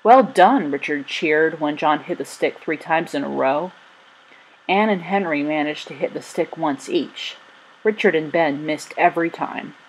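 A woman narrating a children's story in an expressive reading. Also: low voice, unhurried, a little hiss or hum, low-quality recording.

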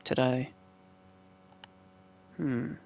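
Casual gameplay commentary, gravelly voice, mid pitch, chatty, swearing. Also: steady tone, extremely slow, a little mellow. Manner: chatty, swears freely, talks to the game characters.

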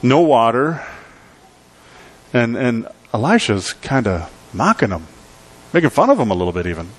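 A male pastor preaching a sermon in a conversational, emphatic way, with dramatic pauses. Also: mid-range voice, sing-song.

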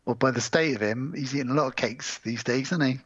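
A man's voice: medium pitch, fairly bright tone, slightly rough, no echo, lo-fi sound. A man co-hosting a podcast, chatting casually about films with jokes and swearing. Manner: jokey, swears, acts out film scenes in quick voices. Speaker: podcast co-host.

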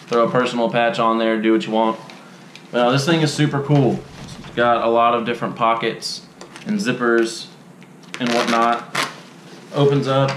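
Young guy, casual product-review vlogger, laid-back drawl, roomy echo, faint hum. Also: medium pitch. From Texas. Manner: relaxed, drawling, frequent ums and uhs. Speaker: unboxing vlogger. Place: dim indoor room.

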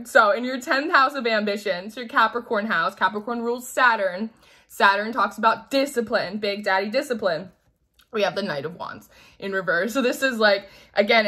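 A woman giving a casual tarot reading in a chatty, animated way, acting out quoted voices and laughing often. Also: medium pitch. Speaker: tarot reader.

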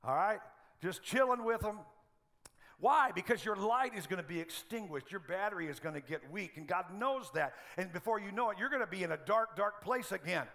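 A middle-aged man preaching a sermon as pastor of a church, telling humorous stories in an animated way. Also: sits high, fairly quick.

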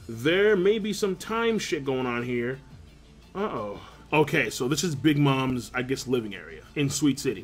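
A young man hosting a live manga reaction, reading panels aloud and reacting with crude jokes and loud exclamations. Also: fairly high pitch, sing-song, moderate pace, faint music behind.

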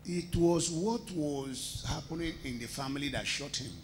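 A man leading a church service as pastor, prompting others with deliberate questions. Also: fairly high pitch, background noise.

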